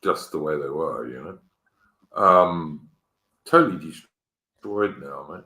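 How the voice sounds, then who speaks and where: Deep-voiced man, roomy sound. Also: lively intonation, takes it slowly, sharp tone. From England. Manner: earnest, repeats words, says mate. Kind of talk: casual political chat. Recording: roomy echo.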